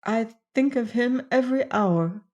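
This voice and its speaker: A woman voicing a bitter, tearful young woman in an audiobook, her speech emotional and halting. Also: a little high, darkish tone, muffled recording, voice pushed up, lightly acted. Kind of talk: audiobook character voice.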